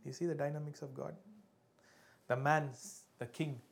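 Man preaching with loud bursts and hushed asides. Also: fairly high pitch, fairly even intonation, normal speed, creaky, pauses often. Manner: emphatic preaching with sudden loud peaks and hushed drops; asks the congregation for responses. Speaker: pastor. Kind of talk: sermon.

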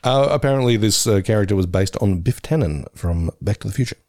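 A man co-hosting a casual chat, relaxed, with short reactions and asides. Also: fairly low pitch, a little fast, no echo, clean studio sound. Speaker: podcast co-host.

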